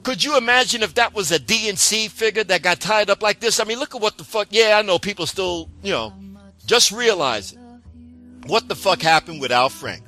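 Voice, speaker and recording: A man with a bright, forceful voice rants about politics, swearing constantly and dripping with sarcasm. His pitch sits a little high for a man. Faint music plays underneath. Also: expressive, a little fast. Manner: heated, profane, sarcastic. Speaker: political commentator. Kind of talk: profane political rant.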